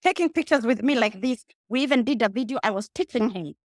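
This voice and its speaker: A woman's voice: fairly high pitch, expressive, quick pace, darkish tone, dry recording, studio quality. A woman with a Kenyan accent, a guest speaking emphatically in a casual interview and addressing the listener directly. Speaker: guest, rideshare entrepreneur.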